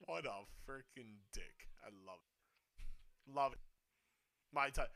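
A man giving excited live wrestling commentary, swinging from hushed muttering to sudden shouts, swearing and laughing often. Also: mid-range voice, takes it slowly, gravelly, a little hiss or hum. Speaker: co-host of a wrestling watch-along.

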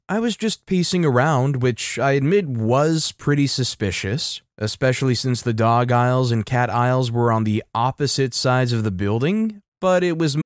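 Man narrating online posts, mid-pitched, wry asides, dry close sound. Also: no room sound. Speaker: story narrator. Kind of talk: reading online stories aloud.

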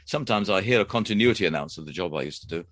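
A man's voice: deep voice, animated, fairly bright tone, dry recording. Eighty-year-old man telling stories. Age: 80s. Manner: measured, hesitant with frequent uhs. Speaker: interviewee, former announcer. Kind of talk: relaxed anecdotal chat.

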